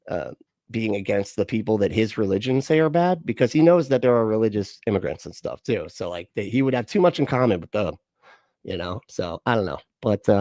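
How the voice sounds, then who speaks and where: A man's voice: on the low side, darkish tone, no room sound. A man hosting a livestream reaction, speaking in a profane, sarcastic and incredulous manner into a close mic. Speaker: livestream host.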